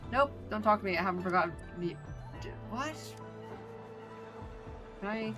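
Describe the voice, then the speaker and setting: A woman's voice: medium pitch, lively intonation, normal speed, over music. A woman with an Irish accent casually commenting on her gameplay as a streamer, swearing freely and poking fun at herself. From Ireland. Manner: swears freely, self-mocking.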